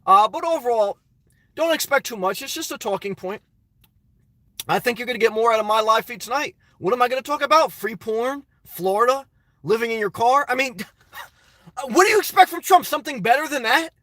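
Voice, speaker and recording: A man's voice: extremely high pitch, a little fast, sharp tone, no echo. A middle-aged man chatting casually on a live stream from his parked car, reading out viewers' messages and calling them brother.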